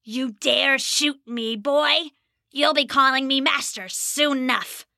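A woman's voice: high voice, slow pace, creaky, sharp tone, no room sound, studio quality, full character voice. A woman voicing a big, sly male goblin that taunts and wheedles in a storybook reading. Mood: taunting.

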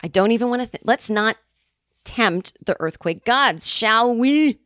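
A woman's voice: medium pitch, normal speed, fairly bright tone, no echo. Woman, 40s, solo comedy podcast host; rambling, sarcastic, close and dry. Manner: rambling, self-interrupting, sarcastic.

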